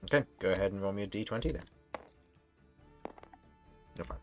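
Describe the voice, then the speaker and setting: A man's voice: on the low side, fairly quick, soft background music. A man narrating as dungeon master, businesslike and steadily prompting the players for their rolls. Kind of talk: narrating a tabletop game.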